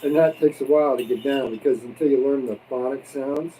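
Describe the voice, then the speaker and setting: Relaxed male host talking through a meal, warm dark tone, light background hiss. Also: mid-range voice, a little fast, distant mic, rough recording. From abroad, expat. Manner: chatty, joking, eating while talking. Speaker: livestream host. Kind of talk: casual mukbang chat. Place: home in the Philippines.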